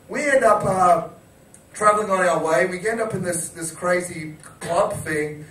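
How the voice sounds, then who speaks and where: A man's voice: sits high, normal speed, echoey room, distant mic, rough recording. A man on a chat show, telling a story casually, laughing and acting out quotes. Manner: animated, laughing, acts out quotes. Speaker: wrestling chat show guest.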